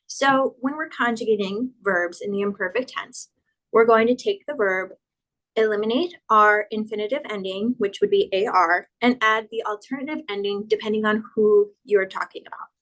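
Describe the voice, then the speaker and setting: A woman teaching a Spanish grammar lesson, patiently spelling out verb endings and slowing down for each example. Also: medium pitch, a bit bright, poor audio.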